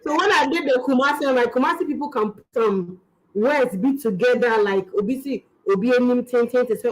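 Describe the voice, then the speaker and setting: Animated Ghanaian woman telling stories. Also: high-pitched, a little fast, slight background noise, low-quality recording. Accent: Ghanaian English. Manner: animated, rambling, laughing storyteller. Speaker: comedian guest. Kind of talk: casual interview chat.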